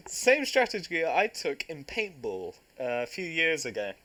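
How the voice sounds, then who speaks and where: Young guy joking around on a podcast, bright bouncy voice, laughs a lot. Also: fairly high pitch, wildly swooping pitch, measured pace. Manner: jokey, teasing, laughs often. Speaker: podcast host. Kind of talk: casual podcast chat.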